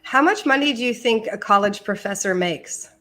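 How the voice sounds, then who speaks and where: A woman's voice: medium pitch, animated, moderate pace, bright, forceful tone. Woman hosting a casual podcast. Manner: reads statistics aloud, asks questions. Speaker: podcast host.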